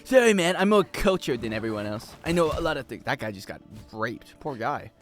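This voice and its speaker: A man's voice: mid-range voice, very animated, brisk, faint music behind. A male streamer rambling and joking casually with his chat while he plays. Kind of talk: casual game-stream chatter.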